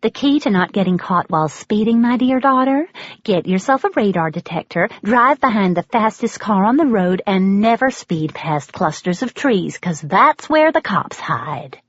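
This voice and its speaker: A woman's voice: medium pitch, animated, moderate pace, no room sound, close to an everyday voice. A woman doing a brash, confiding American mother. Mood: conspiratorial. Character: bold, free-spirited American mother, confiding. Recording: dull, lo-fi, dry.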